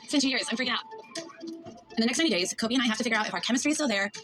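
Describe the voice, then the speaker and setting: A woman in a reality-show confessional interview, talking in an excitable, chatty way full of "like". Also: a little high, rapid-fire. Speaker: reality show cast member. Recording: background music under voice.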